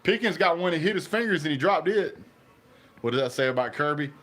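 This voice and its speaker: A man, reacting live to a football game as a fan channel host, chatty and excitable with a drawl. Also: a little high, brisk.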